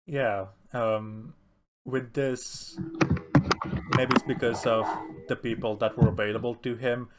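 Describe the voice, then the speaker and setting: A man's voice: medium pitch, slow, pauses often, heavy background noise. Chatty, laughing man on a podcast. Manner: animated, laughs often, acts out film lines. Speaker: podcast co-host. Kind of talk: casual film discussion chat.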